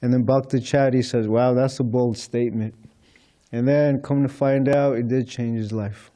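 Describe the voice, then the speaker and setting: A man's voice: mid-range voice, steady tone, normal speed, mellow. A man speaking as a temple speaker, telling anecdotes to a congregation and retelling conversations with light chuckles. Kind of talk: storytelling talk to a congregation. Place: temple hall.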